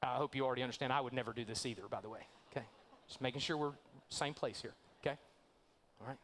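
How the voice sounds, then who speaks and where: A man's voice: mid-range voice, quick pace, fairly bright tone, slight background noise. A man, a pastor, preaching a sermon and telling a story with acted-out voices. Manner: storytelling, acting out quoted voices. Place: church sanctuary.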